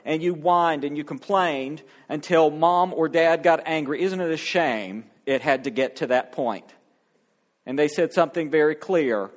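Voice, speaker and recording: A man preaching a sermon, reading scripture aloud and then exhorting the congregation, stretching words out slowly for emphasis. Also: on the high side. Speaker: pastor.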